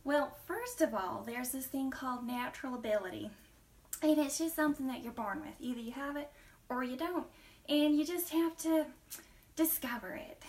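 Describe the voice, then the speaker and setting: A woman's voice: high-pitched, a little mellow, distant mic, a little hiss or hum. A woman playing a self-assured acting coach with a put-on Southern accent, listing advice in an emphatic way with sudden whispered asides in a class skit. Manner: brisk, listy, emphatic with sudden drops to a whisper. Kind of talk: comedic skit interview.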